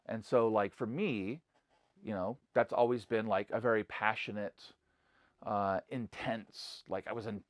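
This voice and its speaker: A man's voice: on the low side, dry recording, clean studio sound. A middle-aged man, a pastor, talking casually to camera in a loose, conversational way full of "like" and "you know," earnest about passion and conviction. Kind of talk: casual spoken reflection to camera.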